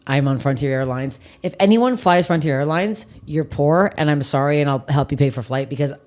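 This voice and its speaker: A woman's voice: sits low, fairly quick. A woman hosting a podcast, chatting casually and telling stories with lots of swearing and acted-out voices. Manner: animated storyteller, swears a lot, acts out other people's voices. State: tired. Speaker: podcast host, comedian. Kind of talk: casual chat, storytelling.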